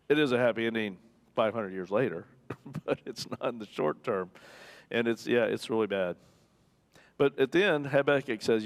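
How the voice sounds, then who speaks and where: Low-voiced pastor, conversational sermon. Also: male voice. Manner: conversational, jokey, acts out quoted voices. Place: church.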